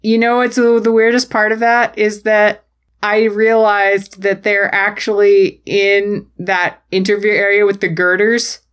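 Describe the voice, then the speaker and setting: A woman co-hosts a podcast, recapping wrestling matches playfully and jokingly with goofy quoted voices. Her voice is medium-pitched, clear and resonant, with a flat delivery at a measured pace.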